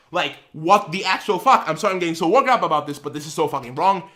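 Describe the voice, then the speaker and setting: A man's voice: high-pitched, animated, fast, few pauses, sharp tone. A man on his channel ranting heatedly, swearing and repeating himself as he vents. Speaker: channel host. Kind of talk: angry vlog rant.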